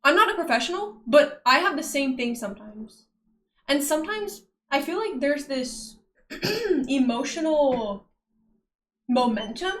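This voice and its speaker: A woman's voice: high-pitched, echoey room. A young woman streaming, chatting casually with viewers, laughing often and greeting chat. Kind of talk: casual livestream chat reading viewer messages.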